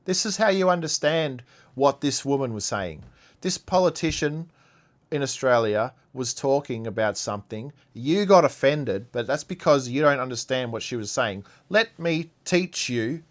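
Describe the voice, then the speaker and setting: A man from Iran hosts a live stream and rants over the clips he plays. He is sarcastic, keeps repeating himself and sits at an ordinary mid pitch. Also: lively intonation, unhurried. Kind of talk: heated commentary on played clips.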